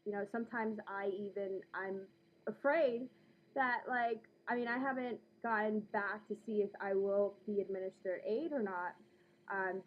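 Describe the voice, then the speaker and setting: A woman's voice: mid-range voice, dull audio. Latina woman who enunciates every word. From United States. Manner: lively and emphatic, with many fillers. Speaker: vlogger. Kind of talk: casual talk to camera.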